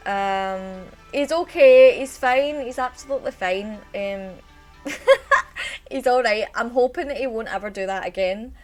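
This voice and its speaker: A woman's voice: a little high, measured pace, a little mellow, soft background music. A woman with a Scottish accent chatting on a live stream, telling a rambling story and greeting her chat viewers as she goes.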